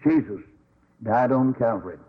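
A man preaching a sermon as a Baptist preacher, telling stories in a folksy, animated way with sudden high swoops. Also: normal speed, breathy edge, phone-quality sound.

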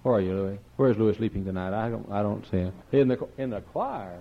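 A man preaching a sermon to a large church, folksy and swinging from loud, high exclamations to quiet, low asides. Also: expressive, fairly quick. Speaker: pastor. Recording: dull lo-fi sermon recording.

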